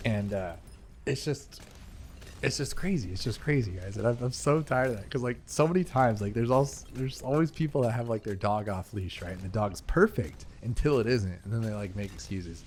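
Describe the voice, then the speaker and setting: A man's voice: lowish voice, a little fast, a little hiss or hum. A man giving casual commentary over gameplay, rambling into talkative, emphatic stories and sounding exasperated. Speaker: gaming video creator.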